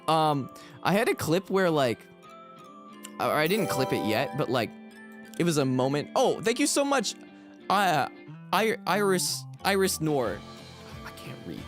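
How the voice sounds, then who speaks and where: A man streaming casually, rambling and joking about himself with lots of restarts. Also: fairly high pitch. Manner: rambling, self-deprecating, many restarts. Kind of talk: casual livestream chat. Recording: background music under voice.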